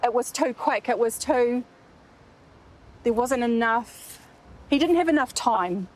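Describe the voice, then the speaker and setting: A woman's voice: on the high side, animated, takes it slowly, slight background noise. A woman psychic, speaking in fragmented, repetitive phrases.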